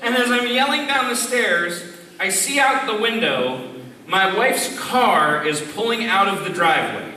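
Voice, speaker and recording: A man in his late twenties, a youth leader giving a humorous talk, telling stories animatedly and jumping high when acting out voices. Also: animated, unhurried, crowd noise. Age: late 20s. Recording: echoey hall, mic far off, background noise.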